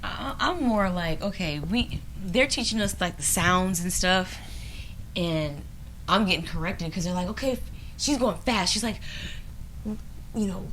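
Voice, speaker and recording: A woman co-hosting a podcast, telling a story in casual chat, animated and often laughing, acting out other people's lines. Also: on the low side, measured pace, slight background noise. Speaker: podcast co-host.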